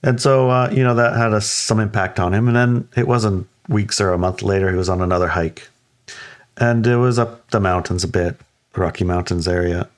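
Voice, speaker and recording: A man in casual conversation, telling a story in an animated way and acting out quoted lines. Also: lowish voice, normal speed. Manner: animated, acts out quotes in raised voices, laughs often.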